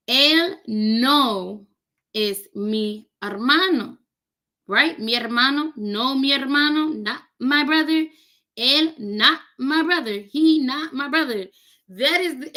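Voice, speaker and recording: A woman's voice: high-pitched, measured pace, pushed and bright. A woman learning a language on camera, chatting casually and joking with her viewers. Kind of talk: casual chat while doing a recorded lesson.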